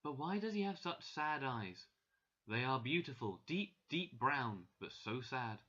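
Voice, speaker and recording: A man's voice: mid-range voice, very animated, unhurried, bright, forceful tone, exaggerated voice. A man voicing a young woman cleaner who is new in the country, emotional and exclaiming, in a dull lo-fi recording. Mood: dreamy.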